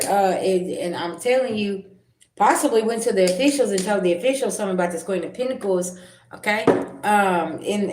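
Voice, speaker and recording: A woman giving a livestream tarot reading, blunt and confrontational, with slangy talk and sharp comebacks to her viewers. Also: medium pitch. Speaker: tarot reader. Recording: echoey room with loud background noise.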